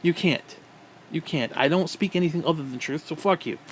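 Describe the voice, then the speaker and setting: A man delivering an angry, profane rant as a gaming vlogger, with loud outbursts. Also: fairly high pitch, brisk, slight background noise. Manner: profane and aggressive.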